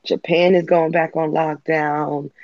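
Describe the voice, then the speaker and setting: Dude w a higher voice, animated, acts out quotes, kinda dull lo-fi sound. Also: male voice, unhurried, no echo. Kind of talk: casual chat.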